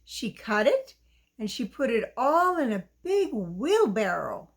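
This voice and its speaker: A woman reading a children's story aloud, gentle and sing-song, talking to young listeners. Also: fairly high pitch, big pitch swings, slow.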